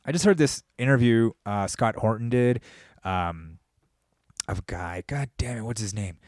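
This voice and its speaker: Low-voiced man ranting casually. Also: moderate pace, dry recording, studio quality. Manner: profane, rambling, animated rant. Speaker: podcast host. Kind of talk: casual monologue.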